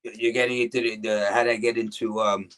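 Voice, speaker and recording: A man's voice: on the low side, level tone, quick pace, a bit bright. Rambling New man telling stories. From New Jersey. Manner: rambling, restarts, acts out quotes of others. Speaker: guest, former pro wrestler. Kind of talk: casual interview storytelling.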